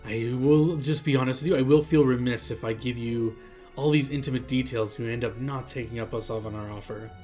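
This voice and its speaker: A man voicing a cheerful, sly tiefling woman scholar in a tabletop game, with a theatrical, drawn-out delivery. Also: medium pitch, fairly even intonation, music in the background, lightly acted. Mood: sly, welcoming.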